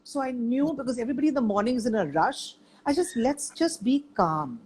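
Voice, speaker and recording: Older woman, higher husky voice, emphatic casual talker. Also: brisk, low-quality recording. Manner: emphatic, animated, repeats points for stress. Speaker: guest sharing experience. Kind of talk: casual chat.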